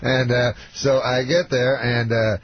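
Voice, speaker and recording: A man from Canada, a comedian guest, telling a long story in a deadpan, halting way with plenty of fillers. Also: mid-range voice, lo-fi sound. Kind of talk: rambling storytelling.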